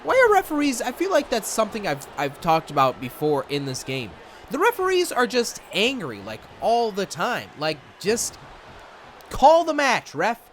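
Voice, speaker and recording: A man's voice: high-pitched, wildly swooping pitch, moderate pace, a bit bright, a little hiss or hum. A young man from Michigan casually commentating a wrestling video game, rambling and slipping into goofy voices. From Michigan, USA. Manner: rambling, self-interrupting, slips into goofy voices.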